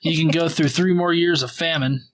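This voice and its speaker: A man's voice: a little high, fairly even intonation, moderate pace, a bit bright, lightly acted. A man voicing a stern male God offering punishments in a crude, mocking way.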